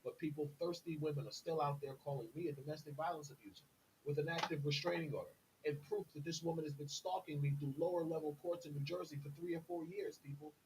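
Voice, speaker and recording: A man's voice: fairly high pitch, fast, slight background noise, low-quality recording. A man delivering an indignant, insistent monologue as a podcast host, repeatedly addressing his listeners as "people". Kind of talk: direct-to-camera monologue.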